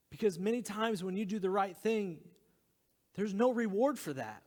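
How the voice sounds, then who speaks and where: An earnest male pastor in his thirties preaches with a slightly high voice, sinking now and then to a near whisper to stress a point. His words ring out with a long, lingering reverb from a large church hall. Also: lively intonation, moderate pace. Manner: earnest, drops into hushed whispers for emphasis. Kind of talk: sermon.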